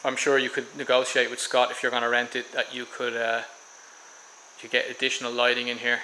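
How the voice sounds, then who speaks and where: A man's voice: medium pitch, monotone, fairly quick, sharp tone, a little hiss or hum, low-quality recording. An Irish man casually showing viewers around a house for sale, rambling a bit with ums and restarts as he walks from room to room. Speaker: vlogger giving a property tour. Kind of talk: casual walking house tour. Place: in and around a house on a tropical island.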